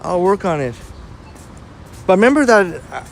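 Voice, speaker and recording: A man's voice: high voice, sing-song, unhurried, creaky, a little hiss or hum. A man hosting a casual live walking stream outdoors on a city street, chatting and greeting viewers by name. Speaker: livestream host reading viewer chat.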